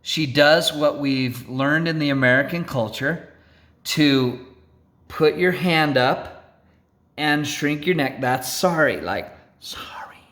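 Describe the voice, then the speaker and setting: Male storyteller, slightly high voice, slow and deliberate, theatrical, keeps checking in with the room. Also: fairly bright tone. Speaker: storyteller speaker. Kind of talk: animated storytelling to an audience.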